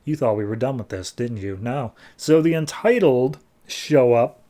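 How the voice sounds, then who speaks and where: Retelling a comic plot in a casual recap, a male podcast host rambles and leans heavily on fillers like "like." His voice is mid-range with a dark tone, lively intonation and normal speed.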